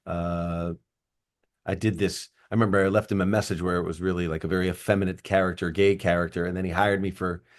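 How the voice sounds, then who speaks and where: A man, an actor and comedian, telling animated, joking stories in casual chat. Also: low-pitched, quick pace.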